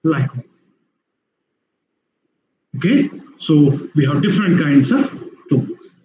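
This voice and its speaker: A male lecturer with an Indian English accent and a high voice that stays mellow. He explains patiently, repeating himself and restarting sentences. His webinar audio sounds muffled and roomy. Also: animated, takes it slowly, a little hiss or hum. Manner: repetitive, explanatory, many fillers and restarts. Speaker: university lecturer.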